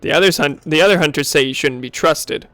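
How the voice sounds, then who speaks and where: A man voicing gruff, boorish male alien hunters who talk in broken grammar and hurl childish insults. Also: fairly high pitch, fairly quick, a bit bright, no room sound, close to an everyday voice. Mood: taunting.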